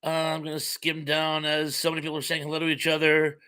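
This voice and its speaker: Bright-voiced man hosting a live chat. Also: a little high, completely flat delivery, fast talker, smooth. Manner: friendly and rambling, with many fillers. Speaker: live stream host. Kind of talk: casual chat reading out viewer comments.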